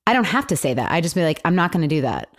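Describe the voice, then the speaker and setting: A young adult woman co-hosting a casual talk show, talking in a heated, animated way with lots of "like". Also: deep voice, racing. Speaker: podcast host. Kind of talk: casual chat.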